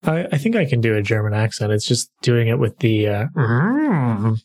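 A man's voice: medium pitch, sing-song, normal speed, a little mellow. A man hosting a podcast and narrating as game master, talking in an easygoing way with frequent filler sounds. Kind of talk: casual podcast chat and tabletop game narration.

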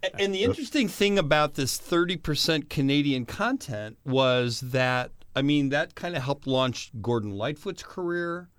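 A man's voice: on the high side, expressive, normal speed, a bit bright, clear, resonant tone, dry recording. Man, co-host, casual, explanatory, dry close sound. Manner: conversational, filler-heavy, explanatory. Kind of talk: casual chat.

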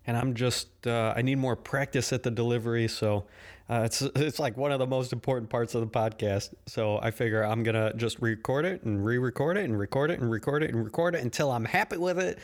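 A man's voice: medium pitch, brisk. Guy ranting on his solo podcast, swears a lot, griping and joking at himself. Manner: griping, profane, self-deprecating. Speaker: podcast host. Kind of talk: casual solo podcast rant.

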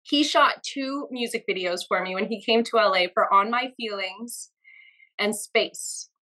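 A woman's voice: mid-range voice, unhurried, sharp tone, low-quality recording. A young woman chatting as a podcast guest, laughing often and getting flustered. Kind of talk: casual interview chat. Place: home studio.

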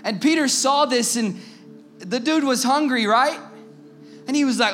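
A man's voice: measured pace, pauses often, soft background music. A man preaching to young listeners in a casual storytelling way, asking them questions and using slang. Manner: conversational, asks the audience, drops to a low hushed tone for the tense parts. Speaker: youth preacher.

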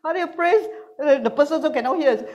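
Woman preacher, lively and teasing, mid-high voice, jumps between loud and soft. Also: quick pace, dull audio. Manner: animated, teasing, swings between loud and quiet. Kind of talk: sermon with humor. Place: church hall with online congregation.

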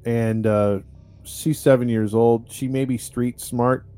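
A man's voice: medium pitch, steady tone, slow pace, dark tone, clean tone, faint music behind. A man, a podcast host, telling a true-crime story in a casual, chatty way, with lots of fillers and restarts. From United States.

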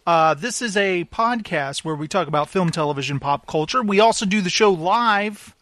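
A man hosting a pop culture podcast, rambling in a goofy, excitable way. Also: high-pitched, normal speed, no echo. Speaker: podcast host. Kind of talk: casual podcast chat.

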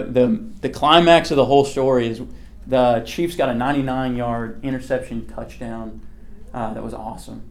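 A young man gives a casual youth sermon in a chatty, everyday way. He keeps checking in with his listeners and asking them questions. His talk is full of "like" and "okay" as he teaches. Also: medium pitch. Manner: conversational, quizzes the listeners, many "like" and "okay" fillers. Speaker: youth pastor.

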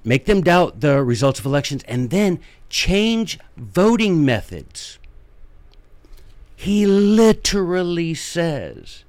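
A fired-up man hosts his own show, driving his points home and repeating them for emphasis. His pitch swoops and jumps as he talks, and his speech stays folksy and emphatic. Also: animated, takes it slowly, a little mellow. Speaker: podcast host. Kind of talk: impassioned political commentary.

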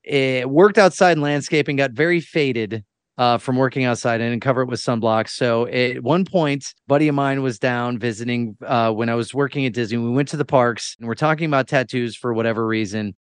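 A man's voice: medium pitch, fairly quick, clean tone, no room sound. A man co-hosting a podcast, telling a rambling, self-deprecating story in casual chat and laughing often. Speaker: podcast co-host.

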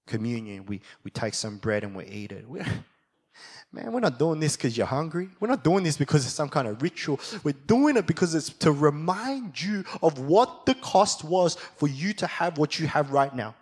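A young adult man preaching a sermon as a pastor, moving from quiet reflection to fired-up passion. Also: on the high side, expressive, normal speed, breathy edge.

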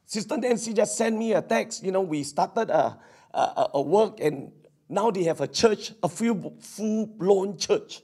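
A male pastor preaching a sermon, telling a story with excited exclamations and stammered restarts. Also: high voice, a little slow, husky.

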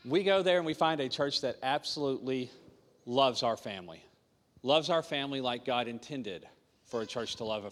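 A pastor gives a sermon testimony to a small congregation, earnestly telling his own story and repeating his key points. His voice is medium-pitched, trailed by a long reverb tail.

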